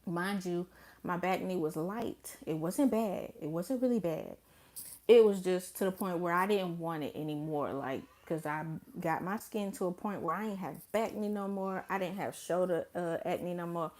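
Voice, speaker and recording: A woman's voice: fairly low pitch, moderate pace. A young woman telling a story to her vlog camera in casual chat, blunt and profane, acting out her own remarks with big swings in her voice. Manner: animated, blunt and profane, with dramatic quoted asides. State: pregnant. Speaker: vlogger.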